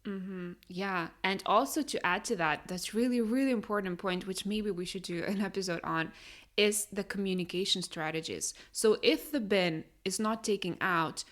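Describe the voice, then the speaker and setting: Animated woman. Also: medium pitch, normal speed. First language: Lithuanian. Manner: animated, emphatic, with frequent fillers. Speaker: podcast co-host. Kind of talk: casual conversational podcast chat.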